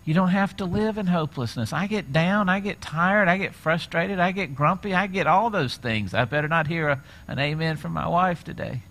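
A middle-aged male pastor preaching a sermon, retelling scenes with lively acted-out quotes. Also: on the high side, normal speed, hardly any pauses. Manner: animated storytelling, acts out quoted voices.

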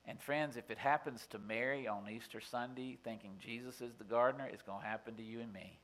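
Bright-voiced pastor preaching. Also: male voice, medium pitch, fairly even intonation, a little fast. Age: middle-aged. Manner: conversational, folksy storytelling; drops to a hushed voice for tender moments. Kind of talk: sermon.

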